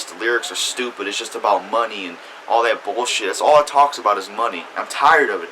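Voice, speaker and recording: Male host tearing into songs with constant swearing. Bright voice, faint hiss underneath. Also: medium pitch, low-quality recording. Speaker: music reviewer, channel host. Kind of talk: profane ranting review.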